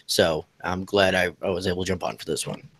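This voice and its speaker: A man's voice: deep voice, steady tone, a little fast, vocal fry, fairly bright tone. Man animatedly retelling a scene. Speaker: panel guest. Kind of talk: casual discussion.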